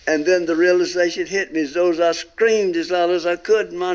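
A man's voice: high voice, moderate pace. A man earnestly tells his testimony as a guest, stretching out emphatic phrases. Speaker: guest telling a near-death experience. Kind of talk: recorded testimony talk.

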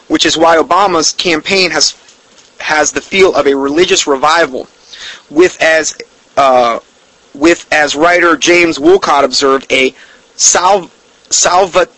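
A man teaching a Bible study, reading quotes slowly and emphatically, with indignant, sarcastic asides. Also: a little high, a bit bright, slightly rough, no echo, low-quality recording. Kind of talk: recorded Bible study lesson.

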